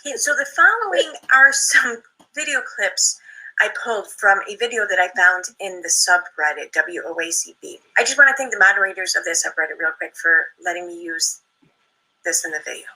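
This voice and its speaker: Bright, husky-voiced woman reading posts. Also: mid-range voice, expressive, a little fast, poor audio. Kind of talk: reading screenshots aloud.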